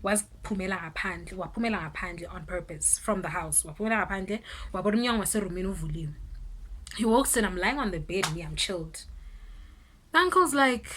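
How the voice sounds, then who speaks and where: A young South African woman tells a story to her camera in a bright, forceful voice. She talks in an animated way, switching between languages and bursting into loud exclamations. Her voice sits in a middle register, with a faint hiss of noise behind it. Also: medium pitch, quick pace. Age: 20s. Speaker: vlogger. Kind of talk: storytime vlog.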